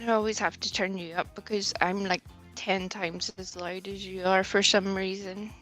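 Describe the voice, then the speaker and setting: A woman's voice: medium pitch, level tone, moderate pace, fairly bright tone, soft background music. A woman hosting a casual livestream, greeting viewers one by one and laughing often. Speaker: livestream host.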